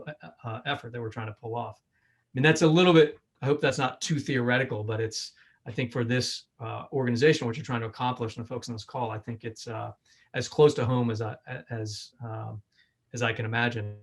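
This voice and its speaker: A man's voice: medium pitch, fairly even intonation, a little fast. A man in his forties giving a conversational keynote over a video call, often ending points with "right?" and restarting phrases. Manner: conversational, frequent 'right?' tags and restarts. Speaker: keynote speaker.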